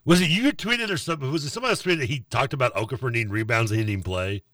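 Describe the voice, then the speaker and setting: A man co-hosting a sports radio show, talking in an animated, ranting way. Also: medium pitch, rapid-fire, no room sound, clean studio sound, far from the mic. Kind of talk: casual sports talk.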